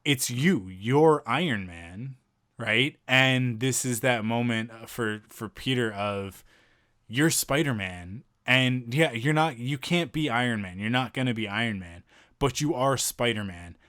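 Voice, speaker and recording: Reviewing a film on a podcast he co-hosts, a man excitedly recounts a scene in casual conversation, frequently starting his sentences over. He speaks unhurriedly in a medium-pitched, fairly bright voice, captured as a dry, clean studio recording.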